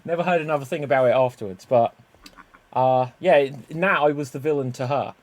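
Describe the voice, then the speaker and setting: A man hosting a podcast, telling stories in a loose, animated way full of "like" and restarts. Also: mid-range voice, a little fast. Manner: animated storyteller, lots of "like" and restarts. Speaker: podcast host. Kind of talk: casual podcast chat.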